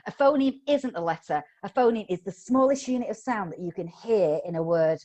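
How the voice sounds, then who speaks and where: A woman's voice: mid-range voice, lively intonation, brisk, dark tone. A middle-aged woman training teachers in phonics over a video call, upbeat, coaxing and playful. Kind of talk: live online teacher training.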